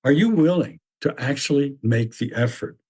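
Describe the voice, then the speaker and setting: A man voicing a stern mythic figure who lectures bluntly in a measured, repetitive way. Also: mid-range voice, animated, darkish tone, husky. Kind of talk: reflective spoken essay.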